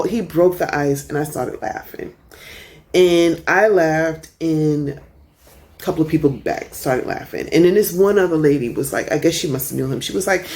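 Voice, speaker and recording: A middle-aged woman tells stories in a relaxed, chatty vlog, sitting out on a porch. Her voice sits low and warm, and she keeps it animated with frequent laughs. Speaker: vlogger. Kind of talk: casual storytelling vlog. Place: outdoor porch in the rain.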